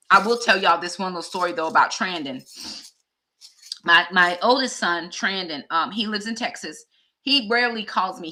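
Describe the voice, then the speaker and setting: A woman's voice: on the low side, pushed and bright. A woman in her fifties talking candidly and heartfelt to her viewers in a personal vlog. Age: 50s. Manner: heartfelt, conversational, addresses viewers directly. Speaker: vlogger and teacher.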